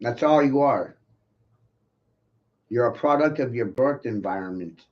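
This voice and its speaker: Man, slow intense rant, profane, rhetorical, dull lo-fi sound. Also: mid-range voice, lively intonation. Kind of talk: ranting monologue.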